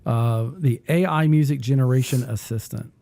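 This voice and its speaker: A man hosting a casual talk who rambles and thinks aloud while he clicks through music software. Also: mid-range voice, moderate pace, vocal fry. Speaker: music teacher and podcast host.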